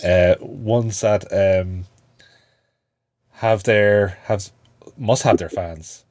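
A man's voice: deep voice, fairly even intonation, very slow, darkish tone, dry recording. A man hosting a podcast, chatting casually and leading the segments like a friendly presenter. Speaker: podcast host. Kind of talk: casual chat.

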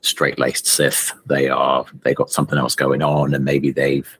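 A man's voice: a bass voice, monotone, normal speed, a bit bright, slightly rough, no echo. A man co-hosting a podcast, chatting casually in a wry, playful way. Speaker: podcast co-host. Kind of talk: casual chat.

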